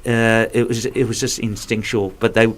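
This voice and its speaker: A man's voice: fairly low pitch, flat delivery, moderate pace. A man guesting on a radio show as a tribute singer, thoughtful and hesitant with fillers. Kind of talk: interview guest. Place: radio studio.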